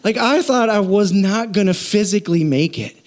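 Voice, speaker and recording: Middle-aged pastor guy preaching, jokey animated storytelling, kinda high voice. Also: normal speed. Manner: storytelling, self-mocking, animated. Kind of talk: sermon.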